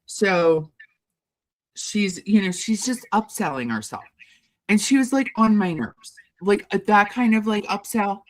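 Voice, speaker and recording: A woman's voice: medium pitch, animated, unhurried. A woman office manager telling a story casually on a livestream, chatty and rambling with plenty of fillers. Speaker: dental office manager, streamer.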